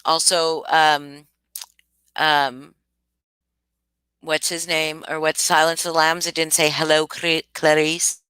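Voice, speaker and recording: A young adult woman hosting a casual livestream, chatting with viewers and reacting in animated disbelief. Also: low-pitched, slow pace, long pauses, clear, resonant tone, no room sound, rough recording. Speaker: livestream host.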